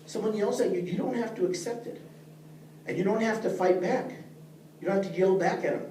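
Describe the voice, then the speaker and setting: A man's voice: high voice, a little fast, mellow. Earnest middle-aged man teaching a class. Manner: earnest, plain-spoken, addresses listeners directly. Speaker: leadership teacher. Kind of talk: speaking to a class. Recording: echoey room, mic far off, faint noise.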